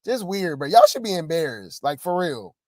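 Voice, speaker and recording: A man's voice: on the high side, big pitch swings, moderate pace, a little mellow, no echo, studio quality, soft background music. A man hosting a gossip commentary show, reacting to clips in a blunt, mocking, slang-heavy way.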